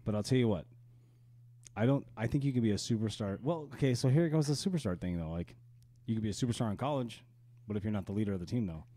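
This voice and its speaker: A man's voice: lowish voice, fast talker, warm tone, no room sound. A man co-hosting a casual podcast, teasing and laughing often as he argues his point. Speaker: podcast co-host. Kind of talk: casual chat.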